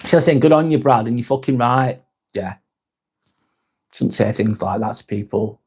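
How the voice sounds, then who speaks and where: A man's voice: mid-range voice, moderate pace, darkish tone, slightly rough. A man hosting a live stream, reading chat comments aloud, swearing heavily, then apologizing.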